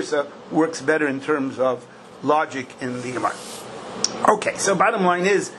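Older teacher, slightly high voice, singsong questions, sudden emphatic bursts, faint background hiss. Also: male voice, fairly bright tone, low-quality recording. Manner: questioning singsong, bursts of emphasis, Yiddish-style Hebrew terms. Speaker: Talmud teacher. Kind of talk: Talmud class lecture.

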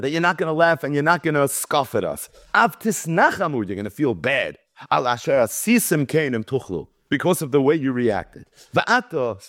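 A man's voice: fairly high pitch, dry recording, studio quality. A man teaching a Talmud lecture. He reads Hebrew and Aramaic lines, translates them, and tells the story with animation. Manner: animated storytelling, acting out quoted speakers. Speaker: Torah teacher.

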